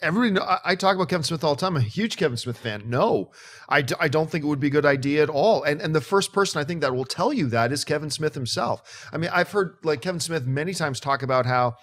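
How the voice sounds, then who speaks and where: Brief: male host, movie talk show, eager fan, slightly higher voice. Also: expressive, a bit bright. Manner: eager, fast, enthusiastic fan. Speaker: host reading viewer questions. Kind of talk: casual panel chat.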